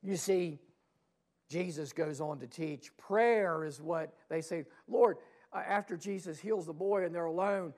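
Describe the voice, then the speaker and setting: Pastor, male, raised pitch with gravel in it; sermon delivery that throws rhetorical questions at the congregation. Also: unhurried. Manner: dynamic preaching, swelling loud then dropping to hushed asides. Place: church sanctuary.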